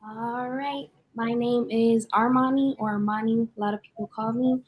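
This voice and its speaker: A woman's voice: a little high, steady tone, moderate pace, slightly rough, low-quality recording. A woman in her twenties introducing herself on a video call, shy and a little unsure. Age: 20s. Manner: shy, unsure, soft-spoken.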